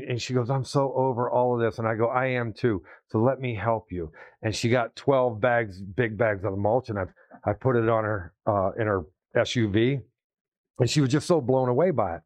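A man's voice: mid-range voice, no echo. Man preaching with a dull sound. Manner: storytelling, conversational, acts out quotes. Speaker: pastor. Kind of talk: sermon story.

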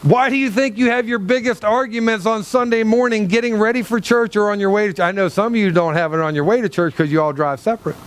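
A male pastor preaching a sermon from a low stage in a church, animated and joking with the congregation. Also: fast, hardly any pauses, a little hiss or hum. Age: older than 37. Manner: animated, humorous, talks straight to the congregation.

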